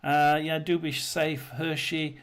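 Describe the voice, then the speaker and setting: Man, livestream host, casual chat, rambling, lots of ums and restarts, fairly high voice. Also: little pitch movement, slow pace, fairly bright tone. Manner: rambling, many fillers and restarts.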